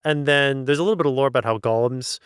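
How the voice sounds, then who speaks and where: A man's voice: medium pitch, quick pace, clear, resonant tone, dry recording, studio quality. A man co-hosting a podcast, casually recapping a novel's plot and acting out the characters' lines. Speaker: podcast co-host. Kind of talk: casual book recap chat.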